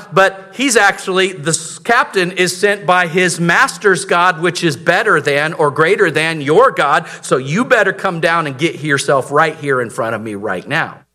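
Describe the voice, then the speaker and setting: A man's voice: a little high, sharp tone. A man preaching a sermon, telling the story dramatically and asking the audience rhetorical questions. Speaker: pastor.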